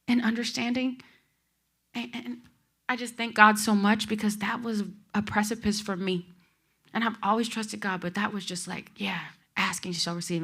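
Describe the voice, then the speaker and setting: A woman's voice: mid-range voice, a bit bright. A woman giving an inspirational talk to an audience, telling a personal story in an emotional, heartfelt way and speaking to the listeners directly. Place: expo talk before an audience.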